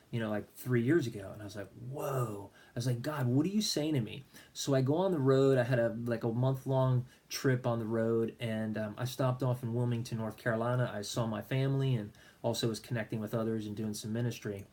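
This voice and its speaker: A man's voice: mid-range voice, a little mellow. A middle-aged man, a minister, earnestly telling a personal faith story and acting out his own prayers. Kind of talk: personal faith testimony vlog.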